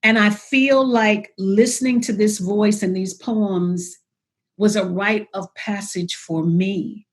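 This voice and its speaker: A woman's voice: medium pitch, steady tone, slow. A woman poet as an interview guest, talking reflectively and telling stories about her writing, acting out her inner voice as she goes. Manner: storytelling, acts out her inner voice in quotes.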